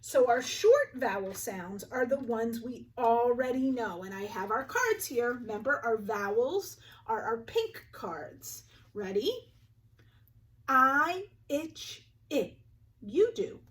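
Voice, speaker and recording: A woman's voice: a little high, lively intonation. A young woman teacher giving a phonics lesson to young children, patiently sounding out each word and having them repeat it. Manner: clear, patient, sounds words out slowly. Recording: voice a little distant from the mic.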